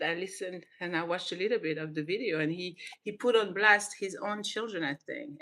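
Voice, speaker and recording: Born in Senegal and raised in southern France, this woman runs her own channel and chats casually to the camera in a voice on the low side. She gets animated, laughs a lot and keeps restarting her sentences.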